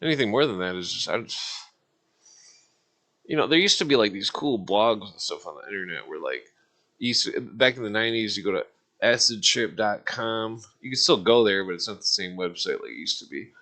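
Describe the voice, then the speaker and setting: A man's voice: fairly low pitch, expressive, a little fast, sharp tone. A man in his forties rambling to his livestream viewers, swearing constantly and laughing at his own jokes. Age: 40s. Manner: rambling, profane, laughs often. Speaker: streamer. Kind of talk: casual livestream rant.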